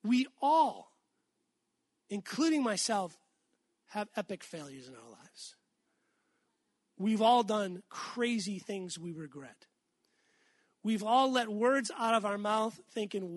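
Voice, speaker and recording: High-voiced man preaching a sermon. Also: expressive, measured pace, no echo. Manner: earnest, emphatic, calls for amens.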